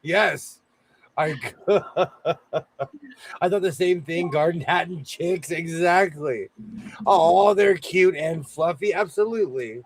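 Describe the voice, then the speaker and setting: A man's voice: a little high, slow, rough recording. A man hosting a sewing show, chatting casually in a playful, teasing way and laughing often. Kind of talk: casual chat.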